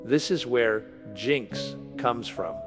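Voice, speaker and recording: A man's voice: mid-range voice, takes it slowly. Assertive man over guitar music. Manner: assertive, declarative. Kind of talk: conspiracy monologue.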